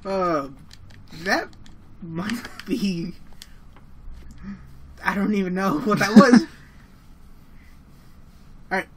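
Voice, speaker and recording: A woman's voice: mid-range voice, drawn-out words, pauses often. A woman playing a game with friends who keeps exclaiming and groaning over her losses in casual chat. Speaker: gaming co-host.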